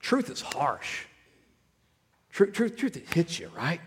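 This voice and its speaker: A male pastor, preaching a sermon conversationally and swinging between loud, animated stretches and hushed ones. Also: a little high, takes it slowly, slight background noise. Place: church sanctuary. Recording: long hall reverb with music behind.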